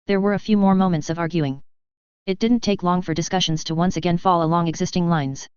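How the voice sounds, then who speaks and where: Low, clear woman narrating a tense story. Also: fairly even intonation, a little fast, darkish tone, no room sound. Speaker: audiobook reader. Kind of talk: first-person fiction narration. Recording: dry, slightly muffled recording.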